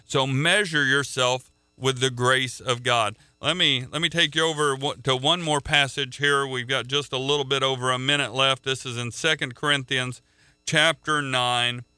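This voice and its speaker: A man preaches with earnest conviction and often doubles back on his words mid-thought. His voice is strikingly bright and smooth. The sound is dry and close, with no room around it. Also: medium pitch, steady tone, moderate pace, no room sound. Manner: earnest, repeats words as he restarts. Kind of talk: sermon.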